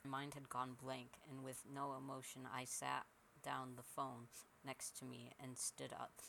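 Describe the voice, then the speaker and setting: A man narrating a first-person horror story in a steady, measured way. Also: medium pitch, vocal fry, slight background noise, rough recording.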